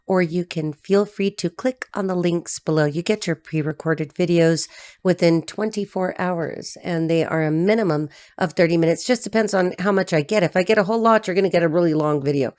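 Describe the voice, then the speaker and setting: A woman reading tarot who chats off the cuff, rambling and swearing freely, laughing often and jumping between low asides and high excited bursts. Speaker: tarot reader and life coach. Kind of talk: casual unscripted chat to camera.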